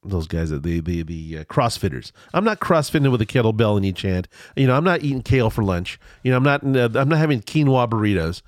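A middle-aged man rambles through a personal story with plenty of false starts and tangents. His pitch moves a lot, jumping high and dropping low. The sound is close and dry, with no room around it. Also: sing-song, fairly quick, hardly any pauses, dry recording. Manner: rambling storyteller, many restarts. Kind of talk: casual chat.

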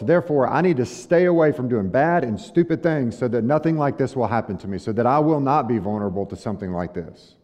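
A man's voice: medium pitch, expressive, fast talker, few pauses, warm tone. A male pastor delivering a sermon in a conversational way, asking the congregation rhetorical questions. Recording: dull lo-fi sound with long hall reverb.

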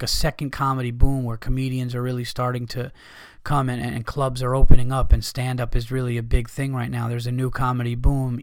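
A man's voice: mid-range voice, no echo, clean studio sound. A man hosting a comedy podcast, talking casually in a profane, heated rant.

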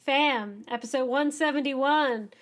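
Woman podcast co-host, high voice, excitable ranting delivery. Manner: enthusiastic, ranting, fast-moving. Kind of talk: casual podcast chat.

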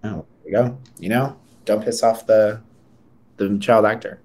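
A man's voice: fairly low pitch, steady tone, unhurried, a little mellow. A young man co-hosting a podcast in casual chat, rambling with many fillers and restarts. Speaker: podcast co-host.

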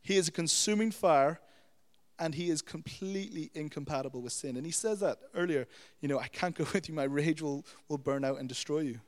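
A young adult man delivers an animated sermon, his voice pitched slightly above the usual male range. Long reverb trails behind each phrase, as in a big hall. He teaches conversationally, tossing in "you know" and "okay?". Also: brisk. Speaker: preacher.

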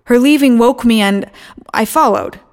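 A woman's voice: a little high, normal speed, lightly acted. A woman voicing a young, beardless stonemason's apprentice who stammers and gets defensive when caught out. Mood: flustered.

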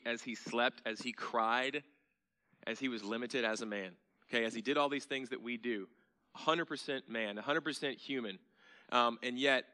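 A man preaching a sermon in a bright, forceful voice. He speaks earnestly and asks rhetorical questions. He repeats key phrases for emphasis, building from quiet asides to emphatic declarations. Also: medium pitch. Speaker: pastor.

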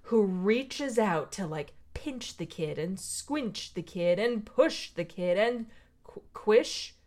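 Woman, casual chat, teasing, gleeful, animated, mid pitch. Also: slow. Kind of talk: casual chat reviewing a children's book.

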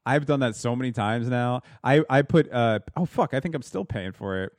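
A man chats casually in a halting way, full of fillers and restarts. His voice is medium in pitch. The sound is dry and close. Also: expressive, no echo. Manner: hesitant, filler-heavy talk. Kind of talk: casual podcast chat.

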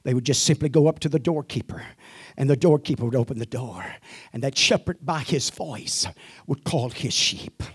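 A middle-aged man preaching a sermon, sprinkling in amens and building to shouted climaxes. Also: medium pitch, moderate pace, breathy edge, no echo, clean studio sound. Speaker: pastor.

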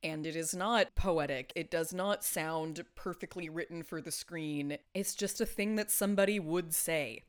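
A woman's voice: deep voice, a little slow, hardly any pauses, clean tone. A woman co-hosting a podcast, giving blunt, frank opinions in casual conversation. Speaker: podcast co-host. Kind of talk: casual chat.

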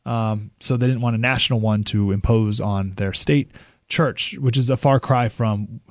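A man's voice: medium pitch, steady tone, moderate pace, dry recording. A man hosting a call-in radio talk show, talking casually with frequent restarts and dry sarcasm. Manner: conversational, restarts often, joking sarcasm. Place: radio studio.

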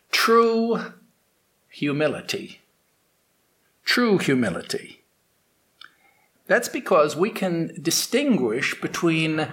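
A man giving a morning spiritual talk, telling a fable in a slow, halting way with restarts. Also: fairly high pitch, fairly bright tone. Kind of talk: sermon with storytelling.

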